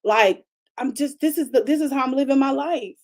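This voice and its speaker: A woman pastor preaching a conversational broadcast sermon, chatty and animated, repeating phrases and calling out to her congregation. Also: high-pitched, brisk. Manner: chatty, repetitive, calls out to the congregation; animated preaching with frequent restarts.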